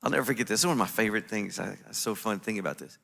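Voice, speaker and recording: A man's voice: fairly low pitch, racing, vocal fry. A man telling a story to a conference audience from the stage, acting out his own reactions as he goes. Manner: animated, acts out his own quoted reactions. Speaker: conference speaker. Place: conference stage in a large venue. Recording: echoey large hall.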